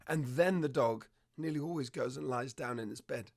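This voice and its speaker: A man explaining dog behavior as a trainer, telling lively stories and acting out what dogs and owners say. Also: mid-range voice, moderate pace, vocal fry. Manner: animated storytelling, acts out dog and owner voices. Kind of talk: conversational explanation.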